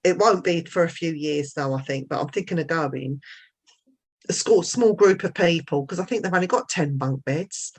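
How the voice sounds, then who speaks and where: A woman guest telling stories in a casual chat, chatty and quick to laugh. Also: low voice, husky.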